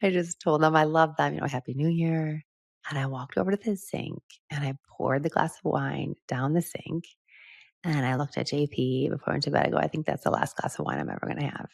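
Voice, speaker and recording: A woman's voice: sits low, fairly quick, vocal fry, no echo, clean studio sound. A middle-aged woman hosting a podcast, telling a candid, reflective personal story and laughing now and then. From United States. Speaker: podcast host.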